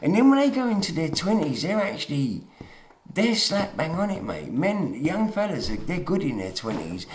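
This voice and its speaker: A man's voice: fairly high pitch, sing-song, moderate pace, echoey room, a little hiss or hum. A tired man ranting emotionally in a late-night monologue, often calling the listener "mate". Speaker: online talker.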